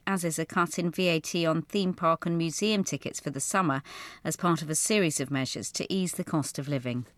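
A woman reading a news bulletin in a measured, formal way. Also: fairly low pitch, no echo. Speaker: newsreader.

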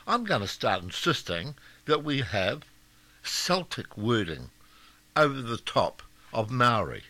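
A man on talk radio, delivering blunt, mocking commentary with open scorn. His voice is bright and forceful, with a lively, swinging pitch. The sound is dry and close. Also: measured pace, no room sound. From Scotland. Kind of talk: opinionated commentary.

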